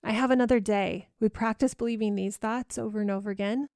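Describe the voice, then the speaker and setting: A woman in her thirties hosting a solo parenting podcast, talking earnestly and coaching, and repeating gentle affirmations softly. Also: mid-range voice, steady tone, fast, clear, resonant tone, no echo, studio quality.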